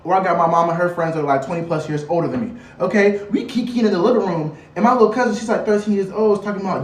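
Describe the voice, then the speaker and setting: A woman in her twenties ranting dramatically to camera, firing loud rhetorical questions and playful slang. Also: on the low side, racing, hardly any pauses. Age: 20s. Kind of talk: animated rant to camera. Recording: roomy, a bit far from the mic.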